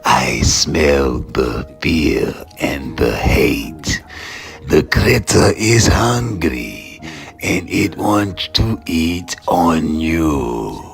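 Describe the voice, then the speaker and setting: A man playing a sinister announcer who warns of a hungry critter, in a slow gravelly voice. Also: extremely low pitch, animated, soft background music, exaggerated voice. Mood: menacing. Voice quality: gravelly, drawn-out.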